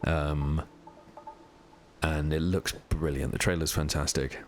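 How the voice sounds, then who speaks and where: A man's voice: a bass voice, level tone, slow pace, a little hiss or hum. A man live streaming a video game, chatting casually and rambling as he answers viewers' questions while he plays. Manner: chatty, reads and answers chat while playing; rambling, many fillers.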